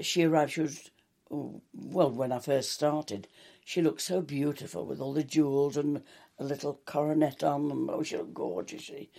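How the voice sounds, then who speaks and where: An older English woman, a longtime soap actress, shares anecdotes in an interview, voicing the quoted dialogue as she goes. Her voice is low, creaky, and mellow as she reminisces.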